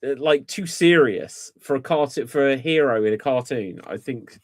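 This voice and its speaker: A man co-hosting a casual chat, laying out his opinions in a measured, reasoning way. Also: medium pitch, dry recording, clean studio sound. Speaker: podcast co-host.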